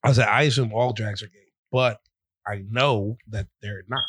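A man's voice: fairly low pitch, fairly even intonation, moderate pace, fairly bright tone, a little hiss or hum. A man co-hosting a podcast in casual chat, making blunt, skeptical remarks. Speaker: podcast co-host. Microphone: podcast microphone.

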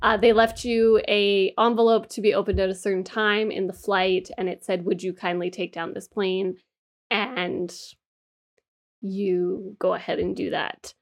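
A woman in casual podcast chat, walking through a long story step by step, with an easy, mid-pitched voice and a scattering of fillers. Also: flat delivery, a little slow. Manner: explains at length, with fillers. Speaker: podcast co-host.

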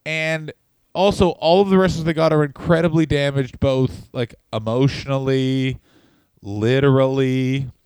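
A man co-hosting a comedy podcast, talking in a wry, deadpan, profane way in casual chat. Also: medium pitch, a little slow, smooth, no echo, poor audio. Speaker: podcast co-host.

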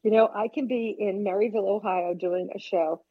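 A woman's voice: mid-range voice, fairly even intonation, fairly quick, husky. An older woman stand-up comic trading brash stories and punchlines in a casual interview. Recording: dull lo-fi sound.

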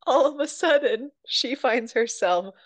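A woman co-hosting a casual book podcast, retelling scenes with lively quoted voices and laughter. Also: sits high, measured pace, dry recording. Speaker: podcast co-host.

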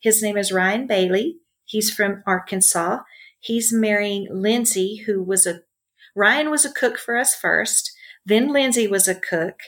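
Middle-aged woman, ranch-owner guest, rambling and chatty, mid-pitched voice. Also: unhurried. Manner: chatty, warm storyteller with many fillers. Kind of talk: casual interview storytelling.

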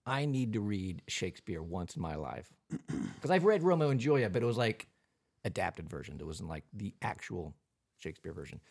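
A man's voice: fairly low pitch, sing-song, normal speed, creaky, a little mellow, husky. A man co-hosting a podcast in a studio, chatting casually and rambling with fillers. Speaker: podcast co-host. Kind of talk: casual chat.

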